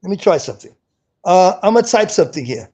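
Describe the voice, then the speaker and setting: High-voiced insistent male host. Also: big pitch swings, fast, darkish tone, highs cut off. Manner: repetitive, insistent, restarts often. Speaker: show host. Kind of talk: casual live-stream chat.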